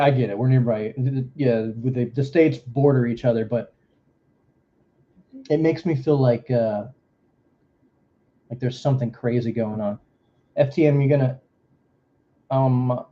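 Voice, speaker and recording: A man's voice: mid-range voice, muffled recording. A man from Florida with a Southern accent, hosting a livestream in casual, joking, rambling chat. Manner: rambling, joking, drawling asides. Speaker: livestream host.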